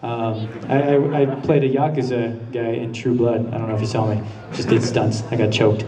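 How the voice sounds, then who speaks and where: This man's mid-range voice shows little pitch movement and keeps a moderate pace amid crowd noise. As the voice actor guest on a convention panel, he answers questions with laid-back storytelling and frequent laughter. The audio, from a handheld camera far from the stage, echoes through the large hall with audience murmurs and laughter.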